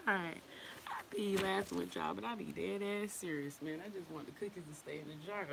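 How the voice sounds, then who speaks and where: A woman talks straight to her followers on a livestream. Her voice sits a little low, and she swears freely and laughs often. Under the profanity she is candid and affectionate, and a faint hiss runs behind her. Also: fast, vocal fry. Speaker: women's wellness group leader. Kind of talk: casual livestream talk.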